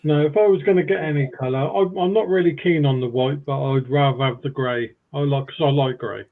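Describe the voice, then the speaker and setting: A man's voice: a little high, fairly quick. A man chatting casually on a live stream, easygoing and rambling. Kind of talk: casual chat. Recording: tinny phone line.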